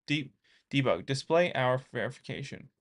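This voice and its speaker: This coding vlogger, a young man from the US, keeps up casual live chat with viewers while muttering through his code. His mid-range voice has lively intonation and a moderate pace.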